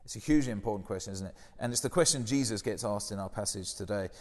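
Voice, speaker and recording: A man's voice: fairly low pitch, fast, in a large hall. A man preaching a conversational sermon, often putting questions to his listeners.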